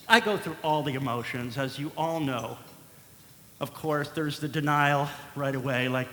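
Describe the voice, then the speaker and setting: A playful, animated man tells a comic personal story to a live audience and acts out each part of the dialogue. His voice is bright and fairly high. The sound rings around a large echoey hall, with a faint hiss underneath. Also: normal speed. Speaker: speaker and singer at an event.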